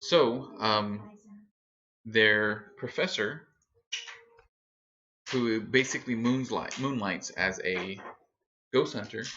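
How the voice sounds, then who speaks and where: Bright-voiced game master, easygoing. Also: male voice, on the low side, takes it slowly, pauses often, slight background noise. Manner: easygoing, hesitant narration with many fillers. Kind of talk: narrating a tabletop game for a livestream. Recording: muffled lo-fi stream audio.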